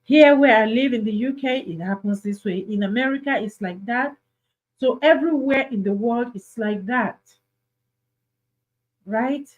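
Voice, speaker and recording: A woman with a Nigerian accent hosts an advice talk, pleading earnestly with her listeners. She speaks slowly and deliberately in a slightly high voice. She often repeats a point to press it home. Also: highs cut off. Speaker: host.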